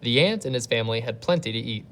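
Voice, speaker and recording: A woman's voice: very deep voice, animated, fast. Patient woman teaching an online lesson. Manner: patient, thinks aloud step by step. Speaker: elementary school teacher. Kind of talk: recorded video lesson for pupils at home.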